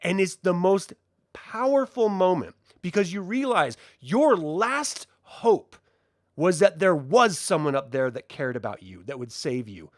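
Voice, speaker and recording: A male reviewer talks through a film with real passion, and his voice swings widely up and down as he gets into it. His pitch sits a little higher than most men's. The sound is dry and close, with no room echo. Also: measured pace. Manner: animated and passionate, with frequent fillers. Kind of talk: casual spoken film review answering viewer questions.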